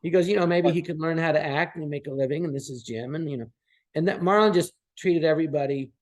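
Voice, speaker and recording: A man's voice: on the high side, fast talker. A man in his sixties, a podcast guest, telling anecdotes casually and acting out the people he quotes. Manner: animated, acts out quoted voices.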